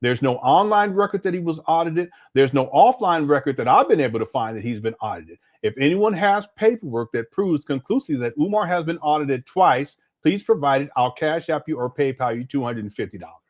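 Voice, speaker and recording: Animated, sarcastic male stream commentator. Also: on the high side, fairly quick, few pauses, muffled recording. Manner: sarcastic, exasperated, talks back to the clip. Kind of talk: reaction commentary.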